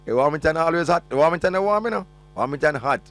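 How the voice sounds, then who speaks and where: A man's voice: on the high side, expressive, quick pace, fairly bright tone. A man with a Jamaican accent hosting a call-in radio show, chatting and joking as he reads listener messages, slipping between patois and English. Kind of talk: casual radio chat reading listener messages.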